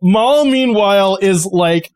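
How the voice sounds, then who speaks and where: A man's voice: high-pitched, animated, slow, clear, resonant tone. A man narrating as game master in a loose, chatty way with plenty of fillers.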